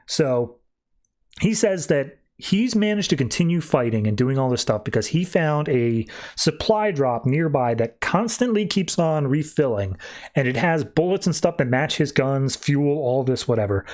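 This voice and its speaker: A man's voice: on the high side, animated, normal speed, darkish tone. A man hosting a podcast, loosely retelling comic book scenes in casual chat, with lots of "like" and paraphrased lines. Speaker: podcast host.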